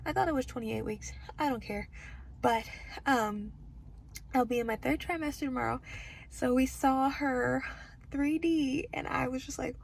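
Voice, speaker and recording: A woman vlogging from a hospital room as a pregnancy vlogger, chatting to camera in a bubbly, gushing, excitable way. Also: high voice, moderate pace, gravelly. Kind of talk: casual chat to camera.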